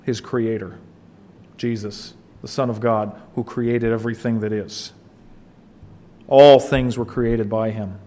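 Animated male preacher, loud then hushed. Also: slow pace, pauses often. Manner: animated, swinging between loud emphasis and hushed low asides. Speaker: pastor. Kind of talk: expository sermon.

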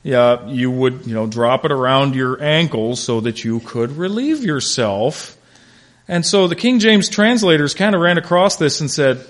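A man leads a Bible class in a relaxed, conversational way. He tells stories with plenty of animation and turns to class members by name. His voice sits in an ordinary middle pitch. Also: a little slow. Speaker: pastor teaching a Bible class.

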